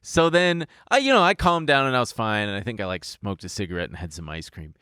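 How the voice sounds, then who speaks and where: A young man with a low, smooth voice recounts a story in relaxed podcast chat. He rambles and laughs at himself as he goes. The sound is dry and close. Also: quick pace, dry recording. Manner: rambling, self-deprecating, laughs through his story. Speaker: podcast co-host.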